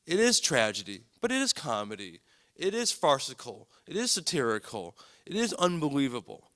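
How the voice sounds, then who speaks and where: A psychiatrist gives an earnest, emphatic public talk at a lecture event, hammering his points home by repeating them. His medium-pitched voice is sing-song, pushed and bright, at a moderate pace.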